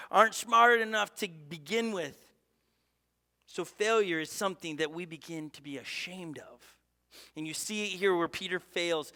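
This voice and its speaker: Bright-voiced energetic male pastor. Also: high-pitched, in a large hall. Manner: conversational, energetic, with asides and quick restarts. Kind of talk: sermon.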